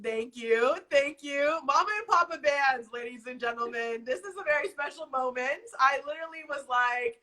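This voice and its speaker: A woman's voice: high voice, moderate pace, few pauses, pushed and bright. A woman hosting her own live stream, talking in an effusive, tearful way with casual slang. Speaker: host of a live show. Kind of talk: emotional livestream talk.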